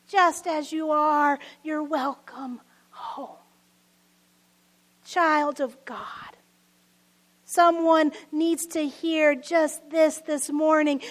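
Female preacher, high pitch, slow delivery, intimate sermon with soft near-whispered emphasis. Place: church service.

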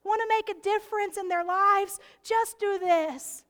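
Slow, high-voiced woman preaching. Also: fairly even intonation. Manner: slow, earnest, drops into soft whispers. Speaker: pastor. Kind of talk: sermon.

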